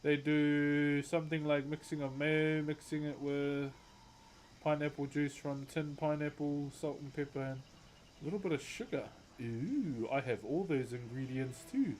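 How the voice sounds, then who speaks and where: A man's voice: on the high side, measured pace, a little mellow, a little hiss or hum. A young man chatting casually on a live stream, laid-back and laughing often. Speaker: livestreamer and wood carver.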